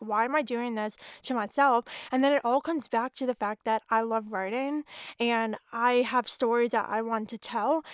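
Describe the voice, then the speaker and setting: A woman's voice: on the high side, clear, resonant tone, no room sound, studio quality. A young woman hosting a podcast, talking candidly and casually, often saying "like". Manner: candid, chatty, says "like" often. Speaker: podcast host and author. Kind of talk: casual conversation.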